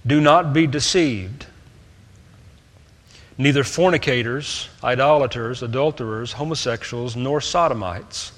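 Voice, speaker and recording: A male preacher delivers a sermon in a middle-pitched voice. His delivery is emphatic, rising to loud, stressed points and then dropping to quiet asides. A long reverb hangs behind him, as in a large church hall. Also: unhurried.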